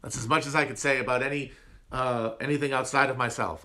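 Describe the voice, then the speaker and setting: A man's voice: mid-range voice, steady tone, fast, sharp tone. A man with a nasal upper Midwest American accent, hosting a casual livestream chat and rambling through audience questions in a self-mocking way. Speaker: podcast host answering chat.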